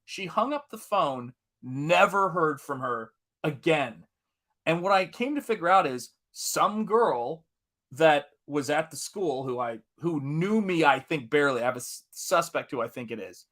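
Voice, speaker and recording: A man from Tennessee chats through a story on his live art stream. His voice sits a little high and comes across bright and forceful. He laughs often and swears freely as he talks. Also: expressive, measured pace. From Tennessee, USA. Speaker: artist hosting a live stream. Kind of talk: casual storytelling chat.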